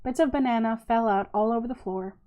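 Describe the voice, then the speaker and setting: Woman, read-aloud narration, steady, unhurried, somewhat high voice. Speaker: channel host reading a novel aloud.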